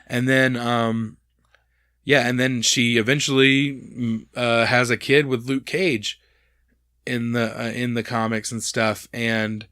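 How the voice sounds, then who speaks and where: A man co-hosting a podcast, talking in a loose, rambling way full of fillers and false starts. His voice sits at an ordinary middle pitch. The sound is dry and close, with no room echo. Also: flat delivery, slow pace, pushed and bright. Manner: rambling, with many fillers and restarts. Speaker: podcast co-host. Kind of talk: casual chat.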